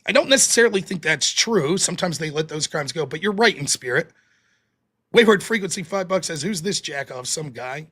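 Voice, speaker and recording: Hosting a political call-in stream, a man with a high-ish, fairly bright, breathy-edged voice argues hard and animatedly, swearing and firing off rapid questions before reading donations aloud.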